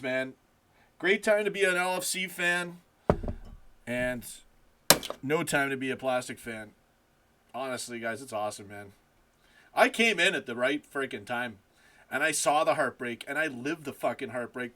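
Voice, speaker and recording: Excitable man live-streaming from home. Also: medium pitch, moderate pace. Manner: excitable, swears, laughs often. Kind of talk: casual live-stream chat.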